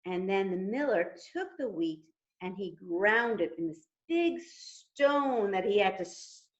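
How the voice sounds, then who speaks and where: A woman telling a story at a storytime for toddlers, gently coaxing the children to join in. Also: medium pitch, animated, measured pace, highs cut off.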